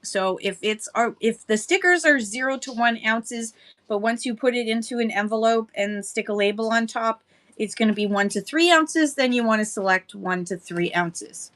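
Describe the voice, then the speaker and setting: A woman's voice: a little high, normal speed, fairly bright tone. A woman hosting a casual livestream chat, chatty and laughing often as she greets viewers by name. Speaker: livestream seller host.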